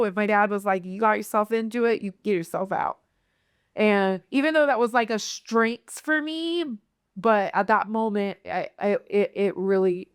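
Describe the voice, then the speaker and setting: Young woman from nebraska telling her story, smooth voice, dry close sound, does little voices for people. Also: mid-range voice, no room sound. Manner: candid, acts out quoted voices, many fillers. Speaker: guest. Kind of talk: personal storytelling in conversation.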